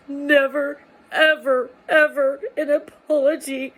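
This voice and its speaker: Woman vlogger, high-pitched, halting delivery with repeated words, confessional. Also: breathy edge, low-quality recording. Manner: halting, repeats words while telling a painful story. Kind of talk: confessional personal vlog.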